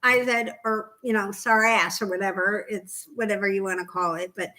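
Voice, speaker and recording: A woman from Indiana co-hosting a knitting podcast, telling animated stories in casual chat and laughing often. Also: mid-range voice, moderate pace. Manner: animated storyteller, laughs often, acts out quoted dialogue. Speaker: podcast co-host.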